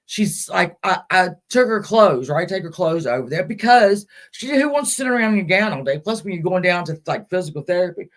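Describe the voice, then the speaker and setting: A woman hosting a caregiver support live stream, talking in a casual, halting way with many fillers and restarts, and answering viewer comments aloud. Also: on the low side, animated.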